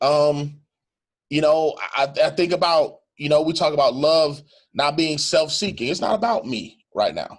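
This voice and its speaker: Man, middle-aged pastor, earnest, repeats himself for emphasis, fairly high voice. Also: lively intonation, measured pace. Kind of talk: reflective conversation.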